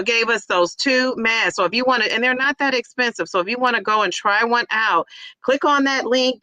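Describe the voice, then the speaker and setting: A woman's voice: mid-range voice, bright, forceful tone, no room sound. A middle-aged woman hosting a casual livestream, chatty and laughing often as she greets viewers by name. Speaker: livestream host reading chat. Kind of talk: casual live chat.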